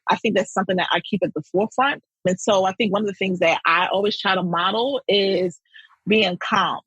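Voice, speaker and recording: Female principal guest, strongly husky voice, emphatic and lively delivery. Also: medium pitch, brisk, no echo, lo-fi sound. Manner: emphatic and animated, with repeated phrases. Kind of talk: interview conversation.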